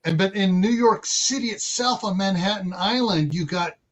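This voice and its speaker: A man with a notably high voice who rambles through his points in casual podcast talk. He restarts often and leans on "you know". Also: moderate pace. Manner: rambling, many fillers and restarts.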